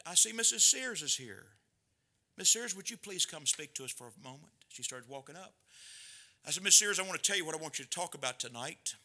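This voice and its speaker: Bright-voiced preaching man with loud bursts. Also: on the high side. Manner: preaching with sudden loud bursts and quiet drops. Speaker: pastor. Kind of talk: sermon.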